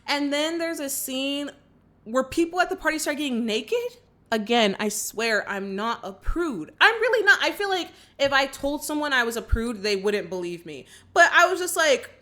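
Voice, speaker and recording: With a high voice and moderate pace, a young woman recaps a film's plot in an animated way for her casual movie reaction. She acts out the characters' lines along the way.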